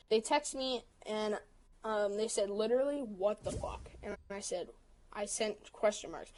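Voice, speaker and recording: A woman on a livestream telling a story in a casual way, quickly quoting both sides of a text argument. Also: fairly high pitch, a little mellow, rough recording. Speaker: livestream host.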